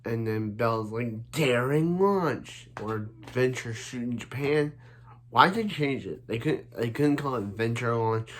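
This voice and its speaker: Slow, rambling man recapping an episode. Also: mid-range voice. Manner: rambling, many restarts and "so yeah" fillers. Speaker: anime reviewer.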